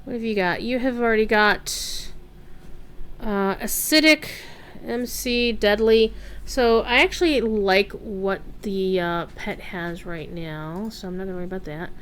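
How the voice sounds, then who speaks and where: A woman's voice: medium pitch, a little slow, fairly bright tone, clean tone. A woman streaming a game, chatting casually and rambling through asides with plenty of fillers and offhand swearing. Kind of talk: casual gameplay commentary.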